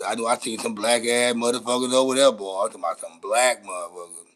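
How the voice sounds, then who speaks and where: A man's voice: medium pitch, fairly even intonation, quick pace, a bit bright. A man with a Los Angeles accent hosting a casual live-stream chat, teasing his viewers in brash, profane banter. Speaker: host.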